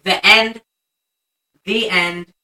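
A woman's voice: mid-range voice, steady tone, very slow, pushed and bright, recorded from a distance, low-quality recording. A young woman co-hosting a casual chat, animatedly retelling a movie scene and acting out the lines. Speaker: podcast co-host.

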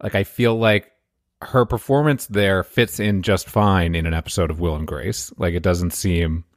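A man from the South, co-hosting a podcast in casual, halting chat. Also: low voice, steady tone, no room sound, studio quality. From Southern US, Louisiana. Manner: halting, restarts often, thoughtful. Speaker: podcast co-host.

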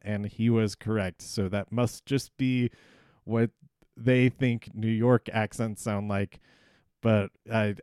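Slow, hesitant man recapping a show. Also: medium pitch, darkish tone, clean tone, dry recording, studio quality. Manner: rambling, hesitant, many ums and restarts. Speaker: podcast host. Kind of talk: casual solo recap.

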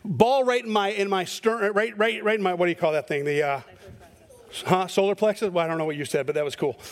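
High-voiced man preaching conversationally. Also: brisk, slight background noise. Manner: conversational preaching with animated storytelling. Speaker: pastor. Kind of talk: sermon.

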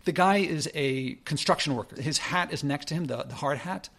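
A man's voice: on the high side, moderate pace, creaky, a bit bright. A man casually telling a rambling personal story, often correcting himself mid-sentence. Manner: rambling, self-correcting, conversational.

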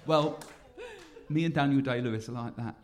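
A man's voice: medium pitch, moderate pace. A man hosting a podcast, bantering cheekily in casual chat. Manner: cheeky, mock-boastful banter. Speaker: podcast host. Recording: noisy background.

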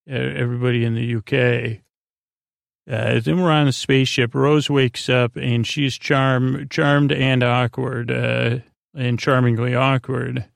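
A man's voice: medium pitch, gravelly, dry recording, clean studio sound. A man hosting a podcast, recapping an episode in a meandering way full of fillers and restarts, meant for falling asleep to. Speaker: podcast host. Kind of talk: rambling episode recap for sleep.

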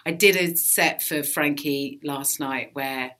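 Bright-voiced woman comedian. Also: low-pitched, slow pace. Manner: lively storyteller, swears freely, acts out quotes. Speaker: stand-up comedian. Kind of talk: casual interview chat.

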